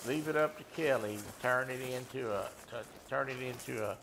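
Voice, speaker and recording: Streaming a hunting game, this man chats with his viewers and teases them in an easygoing way. His mid-range voice, at a normal speed, carries vocal fry and a slightly bright edge, with a little background noise.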